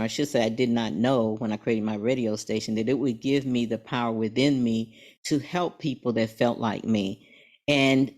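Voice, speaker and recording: An older woman in her seventies with a very low-pitched voice. She tells her story earnestly and hits key phrases hard, like a motivational guest on an interview show. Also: a little mellow. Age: 70s.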